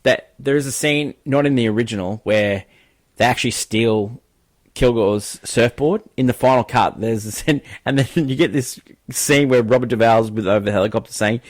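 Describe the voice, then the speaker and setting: A man's voice: mid-range voice, moderate pace, no room sound. A man co-hosting a film review podcast, recapping scenes in a rambling, hesitant way full of fillers.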